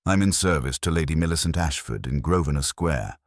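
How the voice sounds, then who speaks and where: A man's voice: rumbling low, animated, a little fast, no echo, clean studio sound. A man voicing a nervous young lady's maid who speaks hesitantly and politely. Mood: anxious.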